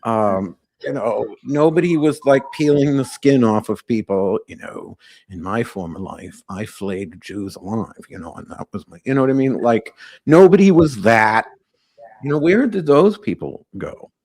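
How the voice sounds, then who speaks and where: A man's voice: mid-range voice, animated, a little slow, a little mellow. A man hosting a live call-in podcast, talking in a brash, joking, rambling way. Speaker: podcast host.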